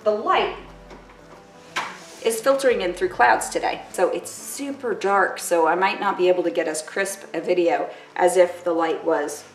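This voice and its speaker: A woman's voice: on the low side, moderate pace, echoey room, faint music behind. A woman vlogging at home in casual chat to camera, chatty and self-mocking, full of "like" and "totally".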